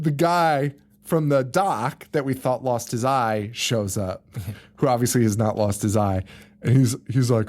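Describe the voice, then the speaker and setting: This is a man on a podcast, recounting a horror movie in loose, casual chat. His voice sits in an ordinary middle pitch. He jumps into high screams and put-on voices for the characters, laughs often, and swears freely. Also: normal speed. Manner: animated storyteller who acts out characters with screams and laughs. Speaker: podcast co-host.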